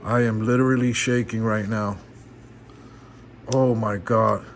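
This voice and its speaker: Awestruck man unboxing cards, slow talker. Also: fairly low pitch, fairly even intonation, slight background noise. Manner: awestruck, repeating exclamations. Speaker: card collector opening packs. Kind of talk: excited unboxing commentary. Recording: background music.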